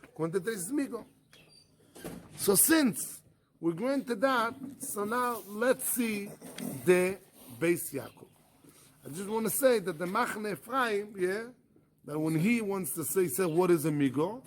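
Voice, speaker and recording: A man's voice: high voice, a little slow, a little hiss or hum. A man, a rabbi, giving a Talmud study class in non-native English, asking rhetorical questions and answering them himself. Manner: animated, acts out the arguments in first person.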